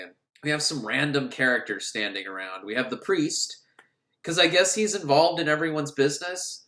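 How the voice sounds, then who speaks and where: A man giving a casual, sarcastic film recap, acting out scenes as he goes. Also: mid-range voice. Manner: sarcastic, animated, acts out scenes. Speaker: film reviewer. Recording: roomy echo.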